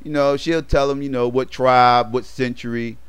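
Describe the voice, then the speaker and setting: A man's voice: mid-range voice, fairly even intonation, moderate pace, smooth, no room sound. A man casually retelling a movie plot for his review, rambling with lots of fillers and slang.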